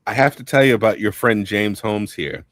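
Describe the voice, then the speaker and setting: A man's voice: lowish voice, fairly quick, fairly bright tone, no room sound, clean studio sound. A man narrating a tabletop game as game master on a live talk show, playful and laughing often.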